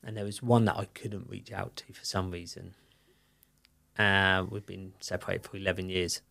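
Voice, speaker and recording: Middle-aged guy, gravelly voice, telling his story openly with lots of ums and you knows. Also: sits low, level tone, normal speed, bright, forceful tone. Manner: open, rambling storytelling with many fillers. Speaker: podcast guest. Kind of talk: candid personal conversation.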